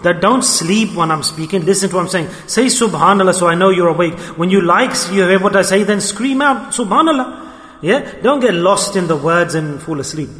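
High-voiced preacher in an echoey hall. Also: male voice, a little fast, few pauses, a bit bright. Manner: emphatic, repeating phrases, addressing the congregation directly. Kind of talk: sermon.

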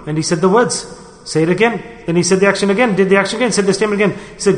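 Brief: male preacher, high voice, emphatic and repetitive, rhetorical questions, reverberant hall recording. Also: racing, a bit bright. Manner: emphatic, repeats key words, rhetorical questions. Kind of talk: sermon. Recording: echoey hall with long reverb.

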